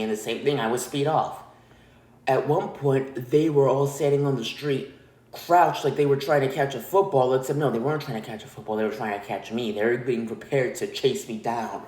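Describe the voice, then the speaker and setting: A man hosting a podcast, telling a story in a blunt, animated, profane way. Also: mid-range voice, reverberant. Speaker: podcast host. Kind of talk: casual storytelling monologue.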